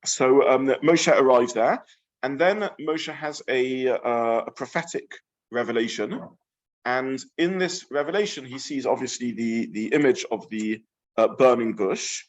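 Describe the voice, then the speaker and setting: Man teaching a Torah class. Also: mid-range voice. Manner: thoughtful, halting, with many fillers and restarts. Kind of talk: informal Torah lecture to a live class. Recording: slightly dull lo-fi room recording.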